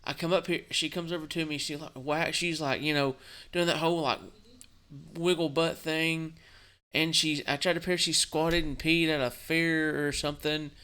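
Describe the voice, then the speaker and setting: Subdued man with a bright clear voice. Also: a little high, flat delivery. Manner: halting, rambling, with frequent restarts and swearing. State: subdued and tired. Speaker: gaming channel host. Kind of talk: casual vlog talk.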